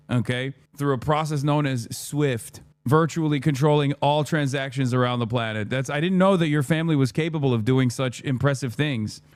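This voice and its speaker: A man's voice: mid-range voice, no room sound. Mocking, heated streamer man, dry sound. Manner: mocking, heated, swears often, laughs at clips. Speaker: streamer reacting to clips. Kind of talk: profane reaction commentary.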